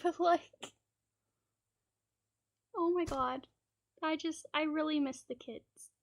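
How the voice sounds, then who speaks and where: High-pitched gravelly woman, rambling chat. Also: slow pace. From Canada. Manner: rambling, laughing, acting out children's lines. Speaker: streamer. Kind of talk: casual storytelling chat.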